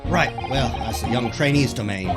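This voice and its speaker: A man's voice: medium pitch, normal speed, loud music behind the voice, natural voice. A man voicing a brusque, teasing middle-aged police inspector in a game.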